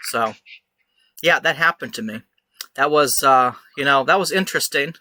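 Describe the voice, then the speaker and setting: A young man co-hosting a podcast, telling an animated story in casual chat and acting out the shouted lines. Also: mid-range voice, moderate pace. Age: young adult. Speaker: podcast host.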